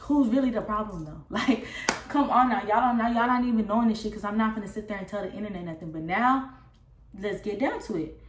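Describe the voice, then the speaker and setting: A young woman telling a casual storytime vlog, recounting a falling-out in a candid, profane and animated way. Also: medium pitch, a little fast, noisy background. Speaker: vlogger. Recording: roomy echo.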